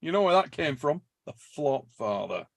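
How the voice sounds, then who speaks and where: A man's voice: fairly high pitch, very animated, normal speed, creaky, no room sound. An English man hosting a casual armwrestling chat show, reading out super chats, joking and calling people mate. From England. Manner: jokey, laughing, calls people mate.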